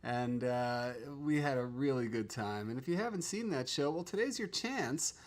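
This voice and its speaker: Chatting loosely on a casual livestream from a home studio, a man keeps trailing off and starting sentences over. His medium-pitched voice has lively intonation and moves at normal speed.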